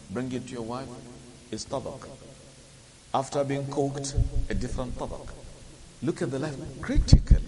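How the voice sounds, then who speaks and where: A man's voice: mid-range voice, dark tone. Man teaching Quran verses in a reverberant hall. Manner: explains slowly, quizzes listeners, chants Arabic verses. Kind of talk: Quran and Arabic grammar lesson. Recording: hissy recording with long reverb.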